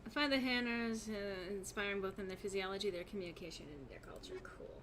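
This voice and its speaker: A woman's voice: medium pitch, fast, noisy background. A young woman streaming a game, chatting casually, laughing often and reading chat aloud in a rambling way. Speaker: gaming streamer.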